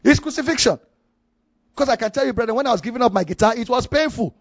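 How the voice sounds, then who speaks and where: A man's voice: very high voice, lively intonation, fast talker, no echo, dull audio. A man with a Nigerian accent preaching a sermon, telling a personal story with many repeats and restarts for emphasis.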